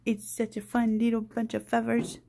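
A woman's voice: fairly high pitch, monotone, normal speed, gravelly, warm tone, breathy edge. A woman filming her pet cockatoo on a phone at home, scolding it and cooing at it in playful baby talk. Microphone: phone held in hand.

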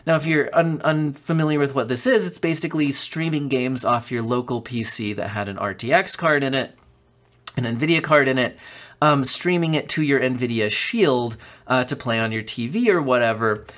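A man's voice: mid-range voice, moderate pace, fairly bright tone. A man hosting a casual tech news rundown while he has a cold, chatty with frequent ums and self-corrections, on a studio microphone. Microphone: studio condenser mic.

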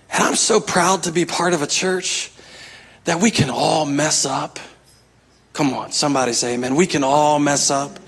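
A man's voice: on the high side, a bit bright, husky. A man preaching a sermon as pastor, emphatic, repeating his key phrases and calling out to the congregation.

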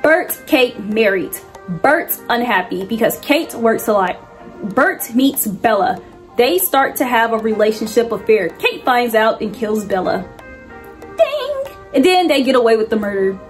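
Young woman ranting thru a movie plot, super expressive, kinda high pitched, soft music under. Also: moderate pace. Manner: animated and slangy, with lively swoops in pitch. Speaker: movie reviewer. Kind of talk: casual movie plot recap.

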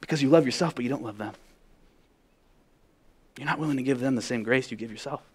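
A man preaching a sermon as pastor, emphatic, asking the congregation direct questions, dropping to a hush and building up loud. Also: mid-range voice, fast, slightly rough. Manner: drops to a hushed voice then builds up loud.

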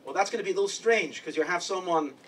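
A man's voice: high-pitched, quick pace, a bit bright, recorded from a distance, low-quality recording. A man from New York giving a chatty, humorous Hasidic lecture full of stories, as rabbi and speaker at a congress.

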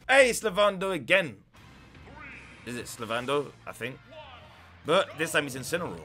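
Excitable young gamer shouting at wins. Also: male voice, fairly high pitch, normal speed, pauses often, soft background music. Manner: excitable, swings from muttering to shouting at the game. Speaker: gaming YouTuber. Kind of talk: live gameplay commentary.

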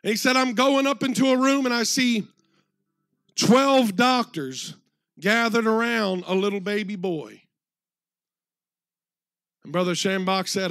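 A preacher tells a story from the pulpit in a high voice. The sound is dry and close. He quotes the people in his story at length, slowing down and rising in force on the key words. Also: a bit bright, no room sound. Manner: retells a story with many quotes, slows and swells for emphasis. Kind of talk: sermon storytelling. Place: church.

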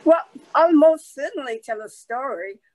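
A woman telling a folk tale aloud in a slow, conversational way, with asides to her listeners. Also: high-pitched, expressive, a little mellow, no room sound, rough recording. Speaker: storyteller. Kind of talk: oral folk storytelling.

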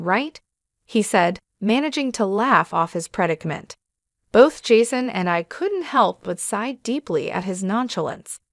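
A woman narrates a scripted first-person story in a steady, measured way. Her voice sits at a middle pitch and sounds dry and close, with no room echo.

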